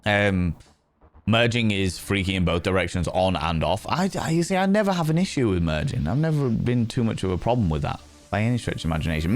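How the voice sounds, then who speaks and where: Animated, swearing British man streaming. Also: on the low side, brisk, soft background music. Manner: animated storyteller, swears freely, greets chat playfully. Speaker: livestream host. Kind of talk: casual chat with viewers.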